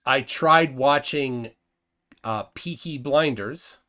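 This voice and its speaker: A man's voice: medium pitch, takes it slowly, sharp tone. A man hosting a casual live stream, reading viewer comments aloud and questioning his guest. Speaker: host.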